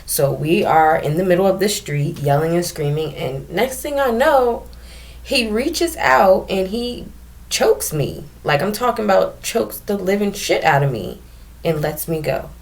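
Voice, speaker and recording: A young woman telling a personal story to camera in a candid, emotional way, with frequent pauses and restarts. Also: on the low side, expressive. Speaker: vlogger telling her own story.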